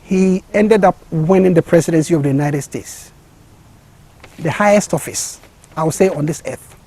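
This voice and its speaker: A man delivers a motivational talk with a high, husky voice and a mellow tone. He talks with passion, repeats words and restarts sentences, and climbs to excited peaks. The sound is dry and close. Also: normal speed. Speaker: speaker giving a motivational talk.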